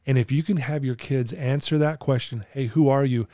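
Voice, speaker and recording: A warm, medium-pitched man's voice moves at normal speed in a studio-quality recording with no room sound. Guesting on a podcast, this client coach tells earnest stories conversationally, acting out his exchanges with clients.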